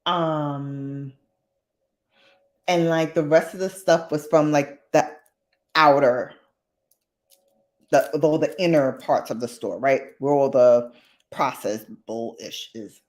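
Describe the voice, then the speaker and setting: A woman hosting a casual chat vlog, animated and slangy, with a dramatic, expressive delivery. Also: sits low, slow pace, pauses often. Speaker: host.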